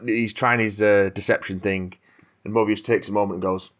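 A man chatting as a podcast co-host. His voice sits a little low, and he talks in a relaxed, wry, understated way. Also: normal speed. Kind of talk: casual chat.

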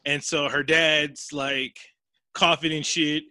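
Bright, animated man recapping a movie. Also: fairly high pitch, slow pace, no echo. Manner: profane, animated, acts out characters' lines. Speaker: podcast host recapping a movie. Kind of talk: casual comedic chat.

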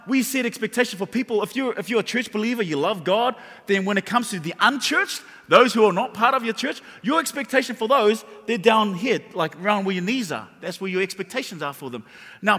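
A man's voice: high-pitched, slightly rough. A man preaching a sermon, telling a funny personal story and talking straight to the congregation. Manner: animated and humorous, addresses the audience directly. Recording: reverberant hall.

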